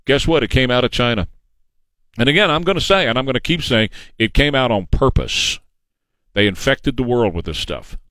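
A man's voice: medium pitch, expressive, moderate pace, a bit bright, no room sound. A man hosting a talk show, giving a combative, sarcastic political monologue and mocking his opponents. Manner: combative, sarcastic, mocks opponents in put-on voices. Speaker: radio talk show host.

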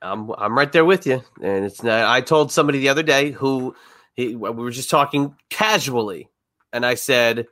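A man co-hosting a podcast, telling anecdotes casually and acting out what people said. His voice is bright and forceful at a middle pitch. He keeps it easygoing and joking, recorded dry and close. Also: moderate pace, dry recording. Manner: easygoing, joking, acts out quotes. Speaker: podcast co-host. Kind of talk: casual chat, storytelling.

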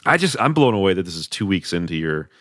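A man with a very deep voice hosts a casual interview, recorded dry and close. He keeps agreeing eagerly and fills his talk with likes and ums. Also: big pitch swings, a bit bright, dry recording. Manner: eager, quick to agree, many fillers. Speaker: podcast host.

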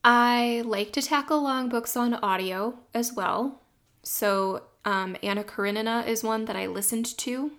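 A woman's voice: on the high side, unhurried, a bit bright. Chatty woman podcast co-host. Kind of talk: casual chat.

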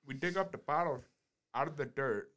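A man's voice: medium pitch, expressive, normal speed, a bit bright. A man telling a rambling childhood story in a casual chat, repeating himself and swearing.

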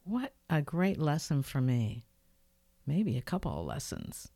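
This is an older woman with a low voice who speaks unhurriedly, hosting her own podcast from home. Reflective and sincere, she perks up when retelling events from her personal story. Her studio microphone picks up no echo.

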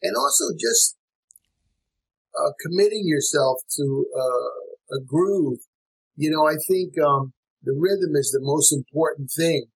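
A man speaks in a husky, breathy voice set a touch higher than usual. He is a jazz musician and teacher in a relaxed interview, reflecting slowly with many fillers and restarts. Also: rough recording.

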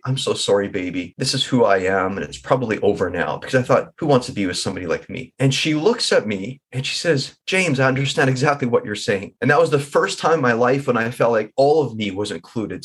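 A man's voice: mid-range voice, breathy edge. A middle-aged man telling his personal story in an interview, reflective and candid, with an occasional stammer. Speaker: guest.

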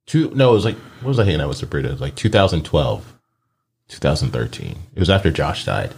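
A man's voice: very deep voice, wildly swooping pitch, fast, gravelly, slight background noise. A man in a casual podcast chat who keeps teasing his friend and laughs often. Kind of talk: casual banter.

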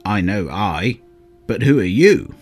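A man's voice: lowish voice, expressive, slow pace, faint music behind, full character voice. A man voicing a playful little male forest gnome who teases and speaks in riddles. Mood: teasing. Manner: teasing, riddling, chuckling.

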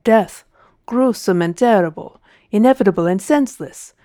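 Brief: a woman doing a grand Italian stage scientist, slow and showy, dark warm tone, dry sound. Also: mid-range voice, dry recording, close to an everyday voice. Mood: grandiose. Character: theatrical male Italian showman scientist.

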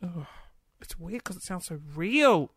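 A woman's voice: on the low side, lively intonation, measured pace, a little hiss or hum. A woman hosting a casual stream, chatty and playful, giggling and gasping as she reads out comments. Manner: giggly, chatty, playful, with gasps and little asides. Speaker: livestream host. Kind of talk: casual chat, reading viewer comments.

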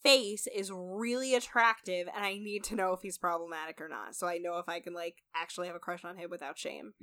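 A woman's voice: lowish voice, steady tone, brisk, sharp tone. A woman co-hosting a podcast, chatting casually and emphatically about a reality show, swearing freely. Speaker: podcast co-host.

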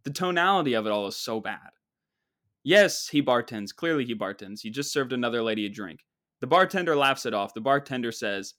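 A man's voice: mid-range voice, lively intonation, a little fast, a bit bright. A man hosting a podcast, telling a comedic story in a rambling, sarcastic, mock-boastful way. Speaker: podcast host.

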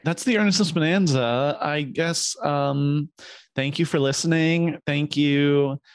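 A man's voice: a little high, a little slow, clean tone, no room sound. A man co-hosting a comedy podcast, playful and laughing often in casual chat. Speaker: podcast co-host.

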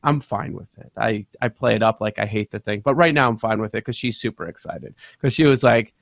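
A man's voice: fairly low pitch, fairly quick, vocal fry, few pauses, dry recording, studio quality. A man co-hosting a sports show, telling a rambling home story with frequent laughs. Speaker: co-host. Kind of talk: casual chat.

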